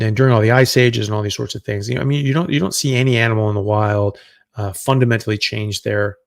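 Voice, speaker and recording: A man's voice: lowish voice, vocal fry, no echo. A middle-aged man, a doctor hosting a live Q&A, answering viewer questions in a loose, conversational way as he thinks aloud.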